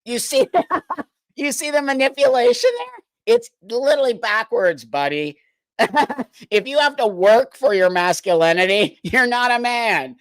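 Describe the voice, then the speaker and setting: A man's voice: very high voice, lively intonation, a little slow, fairly bright tone, no echo. A man hosting a livestream, reacting to clips with incredulous, exasperated commentary and frequent laughter. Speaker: livestream host.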